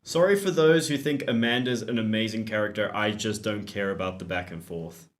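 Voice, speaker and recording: A man's voice: on the low side, fairly quick. A man hosting a gaming channel, giving joking, chatty let's-play commentary while reading the dialogue.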